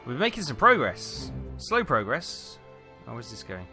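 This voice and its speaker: Let's-player, chatty, thinks aloud, lively pitch, game music under him. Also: male voice, measured pace. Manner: chatty, muttering to himself as he thinks. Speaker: gaming video host. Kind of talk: casual let's-play commentary.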